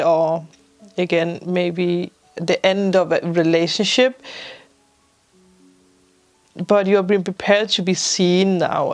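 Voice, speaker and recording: A woman giving a spiritual tarot reading to her viewers. She rambles, keeps repeating "I do feel" and fills her talk with "you know" and "like". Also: medium pitch. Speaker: tarot reader.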